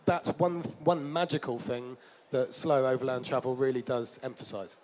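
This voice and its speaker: The guest, a traveller and author, speaks at medium pitch and moderate pace, his tone a little mellow, with a faint hiss or hum in the recording. In this casual interview he tells rambling, self-deprecating stories of overland travel, full of fillers and restarts.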